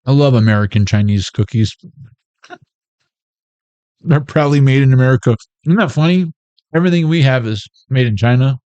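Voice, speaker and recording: A man's voice: medium pitch, normal speed, long pauses, darkish tone, no room sound, dull audio. A man hosting a casual tarot reading vlog, full of playful jokes and asides. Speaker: tarot reader.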